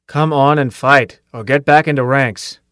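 A man's voice: medium pitch, steady tone, a little slow, fairly bright tone, dry recording, clean studio sound, natural voice. A man voicing a tough, cocky male drill sergeant who barks and taunts his recruits in an audiobook. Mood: sardonic. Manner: barking, taunting commands.

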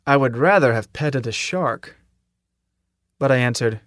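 A man reading an audiobook in measured, even storytelling narration. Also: medium pitch, dry recording, clean studio sound. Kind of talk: scripted narration.

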